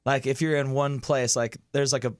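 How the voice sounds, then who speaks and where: A man's voice: mid-range voice, fairly even intonation, normal speed, no echo. A man guesting as a musician in a radio studio, rambling and self-deprecating in casual chat. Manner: rambling, self-deprecating, lots of "like" and "you know". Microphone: studio microphone.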